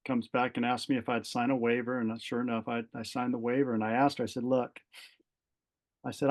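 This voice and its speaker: A middle-aged man, a retired fire captain, telling a personal story as a podcast guest, acting out the dialogue with many fillers and restarts. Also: medium pitch. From California. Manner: animated storyteller, voices quoted dialogue, frequent fillers and restarts.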